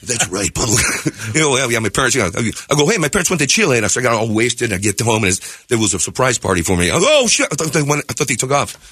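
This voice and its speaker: Male comic guest: fast, animated, slips into voices, bright and a bit husky, close dry studio mic. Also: medium pitch, no room sound. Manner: animated, jumps into character voices and laughs mid-story. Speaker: guest comedian. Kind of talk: comedic storytelling on morning radio.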